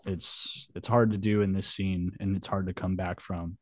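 A man talking as a podcast guest, swearing freely and telling animated stories in casual chat. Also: low voice, moderate pace, no echo. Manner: profane, animated storyteller.

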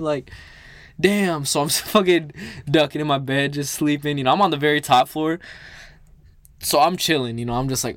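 A man's voice: on the high side, normal speed, a bit bright, no echo. A young man in his twenties telling a true story in a casual, slangy way, swearing often and acting out the voices of people he quotes.

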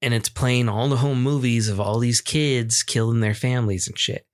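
A young man on a podcast, telling a story with loose energy and plenty of swearing. He acts out the people in it as he goes. His voice sits at an ordinary middle pitch. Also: normal speed. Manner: animated, swearing, acts out screams and quotes. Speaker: podcast co-host. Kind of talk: casual storytelling chat.

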